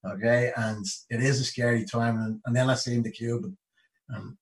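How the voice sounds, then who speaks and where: A man's voice: medium pitch, level tone, brisk, recorded from a distance, low-quality recording. A middle-aged Irish man telling stories in an interview, rambling and full of "you know what I mean". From Ireland. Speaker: interview guest, retired Olympic boxer. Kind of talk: casual storytelling interview.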